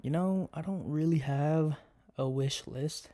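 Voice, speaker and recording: A laid-back young adult, a college student, chats casually as a podcast guest, telling stories in a relaxed way. His voice is on the high side and unhurried.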